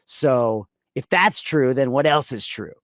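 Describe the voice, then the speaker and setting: A man's voice: medium pitch, animated, measured pace, a bit bright, dry recording, studio quality. A man co-hosting a casual podcast, talking in long rambling sentences with frequent restarts. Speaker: podcast co-host.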